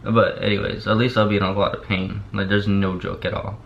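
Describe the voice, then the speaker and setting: Drowsy on painkillers, this young man mumbles through a casual vlog to camera, barely opening his mouth and rambling, leaning on "like" and repeating himself. He has a lowish, gravelly voice and a flat, brisk delivery. Faint hiss runs under the dull, lo-fi recording.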